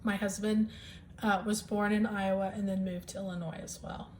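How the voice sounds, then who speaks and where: A woman's voice: medium pitch, flat delivery, moderate pace, slight background noise. A woman chatting enthusiastically at home about her stitching projects, with lots of ums. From US Midwest. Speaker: cross-stitch vlogger. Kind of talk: casual show-and-tell chat.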